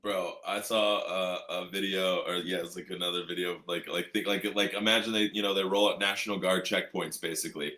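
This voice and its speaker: A man's voice: low-pitched, fairly even intonation, fairly quick, few pauses, bright, forceful tone, reverberant. A man co-hosting a podcast in casual chat, rambling and swearing, mocking the people he quotes in put-on voices. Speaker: podcast co-host.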